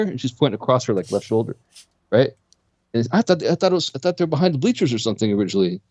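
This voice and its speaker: A man co-hosting a casual talk radio show, talking in an animated way and pushing his voice up when he makes a point. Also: quick pace, no room sound, dull audio. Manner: animated, jumps pitch when making a point. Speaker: co-host.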